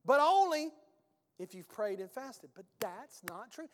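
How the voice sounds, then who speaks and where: A man's voice: sits high, a little slow, darkish tone, big-room sound. A male pastor preaching a sermon in a conversational, emphatic way, with rhetorical questions and folksy phrasing.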